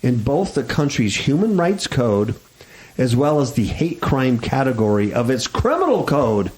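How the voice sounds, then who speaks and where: A male radio talk show host in casual banter with a co-host. His voice swings widely in pitch as he talks, sitting in an ordinary middle register, and his delivery turns sarcastic and mocking. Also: very animated, unhurried, a little mellow, low-quality recording. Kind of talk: casual chat.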